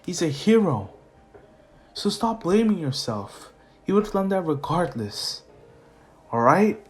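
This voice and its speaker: A man voicing an earnest teenage boy hero who reassures his friend in a calm voice. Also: sits high, measured pace, soft background music, voice pushed up.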